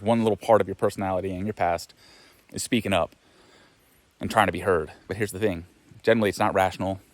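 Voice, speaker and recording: A man's voice: deep voice, dry recording. A man giving a frank, rambling monologue as a self-help vlogger, often swearing. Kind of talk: casual spoken monologue.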